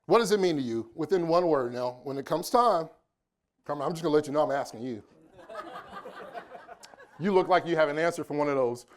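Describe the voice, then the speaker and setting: A man's voice: on the high side, lively intonation, fairly quick, pauses often. A man in his forties from Indianapolis gives a motivational keynote to a live audience in a conference room. His voice sits slightly above the usual male range. He talks in a loose, chatty way and keeps teasing the people in the seats. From Indianapolis, United States. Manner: joking, chatty, playful with the audience. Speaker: keynote speaker.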